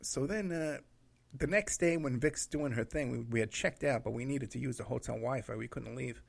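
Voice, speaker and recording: A man's voice: mid-range voice, moderate pace, creaky. A man telling a rambling road trip story in a casual way, laughing at his own anecdotes and acting out what people said.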